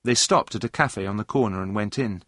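A man narrating a story aloud in a plain, clear reading voice. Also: on the low side, brisk, fairly bright tone, no room sound, studio quality.

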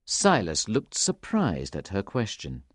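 Woman reading a story, really low voice, lively tone, dry close sound. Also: slow pace, no echo. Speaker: narrator.

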